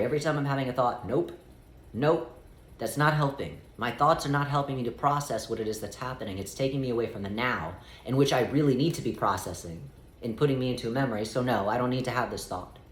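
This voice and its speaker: A man of middle pitch who gives calm spiritual guidance and speaks as "we" throughout. He talks in a measured way and slows down to stretch out key phrases. His voice rings a little in a room with noticeable echo. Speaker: spiritual teacher.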